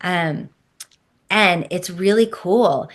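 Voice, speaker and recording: A woman hosting a casual podcast interview. Her voice sits a bit low, and she sounds enthusiastic and reflective as she shares her own stories. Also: very slow. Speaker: podcast host.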